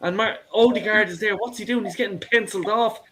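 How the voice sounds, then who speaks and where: A middle-aged caller vents with passion on a show, swearing and getting caught repeating his words. He sits high in pitch, talks a little fast, and crowd noise can be heard.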